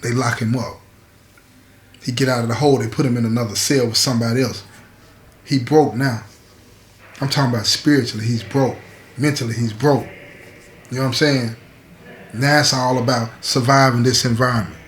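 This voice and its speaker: A man's voice: medium pitch, steady tone, normal speed, long pauses, slight background noise. Male storyteller, streetwise and conversational, mid-range voice, recorded in a roomy, echoey space. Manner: streetwise, conversational, constantly checks in with the listener. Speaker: host. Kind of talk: storytelling to camera.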